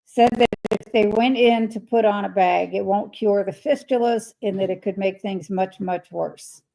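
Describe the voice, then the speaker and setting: A woman's voice: mid-range voice, normal speed, creaky, rough recording. An older woman hosting a casual livestream, reading viewer comments aloud and replying to them in a chatty way. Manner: chatty, reads messages aloud and replies warmly. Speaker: livestream host.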